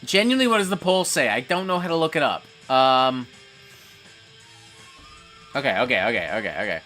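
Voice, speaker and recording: A man's voice: medium pitch, lively intonation, a little fast, faint music behind. Rowdy, profane tipsy man hosting a stream. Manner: profane, swings from mumbling to hyped shouting. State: tipsy, getting drunker. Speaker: livestream host reading chat. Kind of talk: rowdy live-stream chat.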